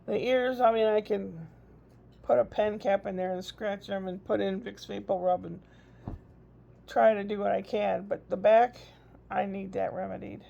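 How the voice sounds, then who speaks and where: A woman's voice: mid-range voice, fairly even intonation, moderate pace, creaky, dark tone. An older woman, a grandmother, chatting in a rambling, casual video diary. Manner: chatty, rambling, frequent laughs. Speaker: vlogger. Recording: dull lo-fi recording.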